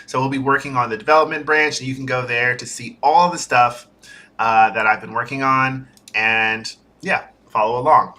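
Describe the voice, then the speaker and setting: A young man talking casually on a home livestream about his software project, chatty and often sidetracked with fillers. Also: medium pitch, fairly even intonation, normal speed. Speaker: software developer streaming a build-in-public series. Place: home streaming setup with a green screen.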